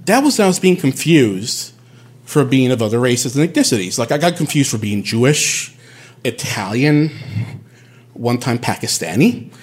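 A man from Puerto Rico telling a personal story in an animated, candid way, swearing casually. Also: medium pitch, normal speed.

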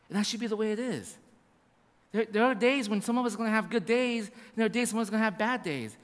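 A man preaching a sermon as pastor, animated and repetitive, acting out little asides. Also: high-pitched, fast, big-room sound.

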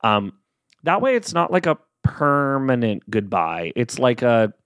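A man's voice: medium pitch, very animated, a little slow, a bit bright, dry recording, clean studio sound. A man hosting a solo podcast, talking casually and rambling with lots of fillers and self-amused asides. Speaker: podcast host.

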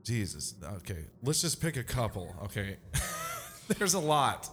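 Animated, joking man co-hosting a podcast. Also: mid-range voice, unhurried, faint music behind. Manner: joking, animated, playful asides. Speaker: podcast co-host. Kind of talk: casual chat.

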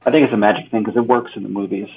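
A man playing in a tabletop game, describing his actions in a flat, matter-of-fact way. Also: fairly low pitch, rapid-fire, phone-quality sound. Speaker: player. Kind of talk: tabletop game play, casual.

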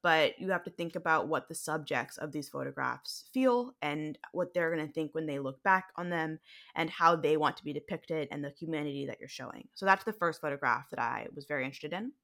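Low-voiced American woman co-hosting a podcast. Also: brisk, a bit bright. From United States. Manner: chatty, frequent ums and likes. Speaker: podcast co-host. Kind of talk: conversational podcast discussion.

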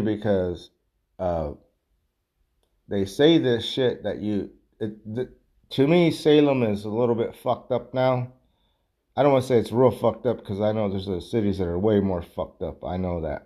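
A man's voice: lowish voice, a little slow, long pauses, warm tone. Man ranting, swearing nonstop. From United States. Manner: profane, rambling, heavy swearing. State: drinking beer. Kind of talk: casual rambling rant.

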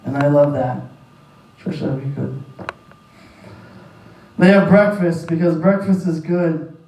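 A man's voice: on the high side, unhurried, darkish tone, dull audio. A male pastor delivering a sermon, emphatic and repetitive in his preaching. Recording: echoey room, distant mic.

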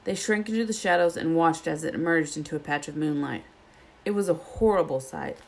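A woman reads a children's novel aloud with steady, plain narration. Her voice is low and carries a gravelly fry. She keeps an even reading pace. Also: a little fast. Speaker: storybook reader.

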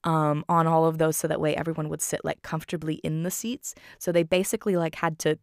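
A woman's voice: low-pitched, flat delivery, brisk, no room sound, studio quality. A woman recapping a film in a casual, enthusiastic way, full of fillers and "like".

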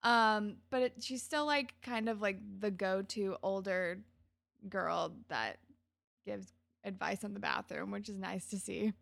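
A woman's voice: medium pitch, a little slow, creaky, fairly bright tone, dry recording. A woman co-hosting a podcast, retelling a TV episode casually and acting out the characters' lines. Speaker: podcast co-host. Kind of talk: casual chat recapping a TV episode.

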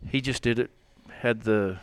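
A man's voice: fairly low pitch, moderate pace, clean tone, no echo. A man with an Australian accent, a rodeo cowboy telling stories in a casual interview, rambling with lots of fillers and restarts.

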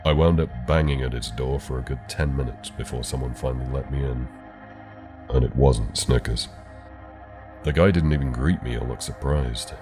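Very deep-voiced male narrator. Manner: calm, measured storytelling. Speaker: horror story narrator. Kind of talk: scripted horror narration. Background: soft background music.

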